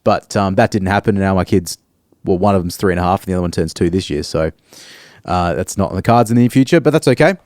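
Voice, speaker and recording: Thirties Australian man, low voice, dry sound, reserved co-host, halting with lots of ums. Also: darkish tone, no room sound. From Perth, Australia. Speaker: podcast co-host. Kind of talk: casual chat.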